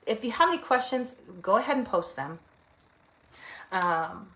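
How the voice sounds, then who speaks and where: A middle-aged woman therapist giving a casual teaching talk, animated, acting out inner voices and laughing often. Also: mid-range voice.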